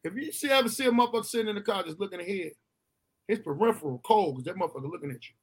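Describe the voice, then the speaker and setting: Talking very fast in a high, slightly rough voice, a man tells a profane childhood anecdote in casual chat. Laughing often and cursing freely, he animatedly mimics the voices of the people involved.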